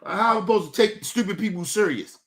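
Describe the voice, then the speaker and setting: A man's voice: high voice, animated, fast, fairly bright tone. Combative, profane male streamer ranting. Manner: combative, profane, repeats himself. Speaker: livestream host. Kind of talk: heated livestream rant.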